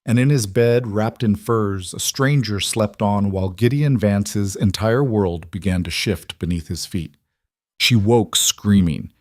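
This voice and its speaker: A man reading a dramatic western romance story in a measured, brooding way. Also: lowish voice, darkish tone, no echo, clean studio sound. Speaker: narrator.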